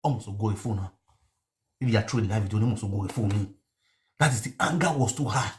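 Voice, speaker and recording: A man's voice: lowish voice, fast, a little hiss or hum. A man with a Nigerian accent telling a rambling story on a live stream, mixing pidgin with a local language and repeating words. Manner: mixes pidgin and local language, repetitive, animated. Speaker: online show host.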